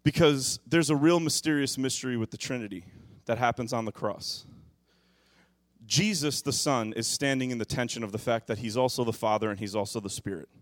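A man preaching a sermon as pastor, moving from quiet, musing passages to loud, impassioned bursts. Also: mid-range voice, fairly quick, no room sound, clean studio sound.

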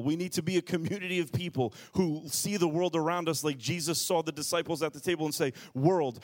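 A man in his thirties, a pastor preaching a lively sermon, dropping to a hush and then shouting as he acts out everyday scenes. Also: a little high. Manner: animated preaching, shifting from hushed to shouted, acts out quotes.

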